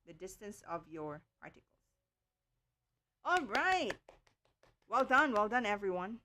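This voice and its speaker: A woman's voice: mid-range voice, sing-song, bright, forceful tone, slight background noise. A woman teaching an online livestream lesson, explaining carefully with many checks of "okay" and filler sounds. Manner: slow, careful explaining with frequent okays and ums. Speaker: online tutor.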